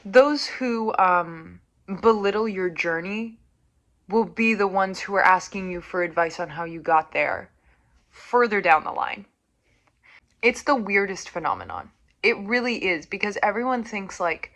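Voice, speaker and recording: A young woman delivers a motivational rant on her podcast, blunt and emphatic, peppered with profanity. Her voice sits at an ordinary middle pitch, and she turns sarcastic when she answers her critics. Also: animated, measured pace, fairly bright tone. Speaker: podcast host.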